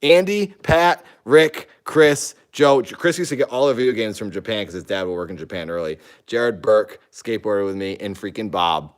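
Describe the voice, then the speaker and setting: A man's voice: on the low side, normal speed, hardly any pauses, clean tone. A man in his thirties in casual chat, leafing through an old yearbook and reading entries aloud, amused and rambling, often trailing off into mumbles. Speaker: host.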